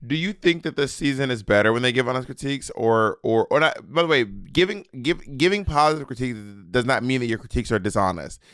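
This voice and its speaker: A podcast co-host with a smooth, resonant, mid-range voice chats on a casual show in an animated, campy style, tossing in quick asides. The recording is dry and close.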